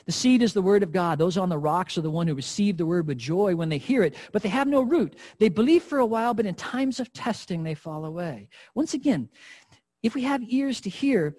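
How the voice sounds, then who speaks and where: An earnest male preacher delivers a sermon and speaks straight to his listeners. His voice is husky and sits a little high for a man, and he stresses his points with emphasis. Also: expressive, a little fast, darkish tone.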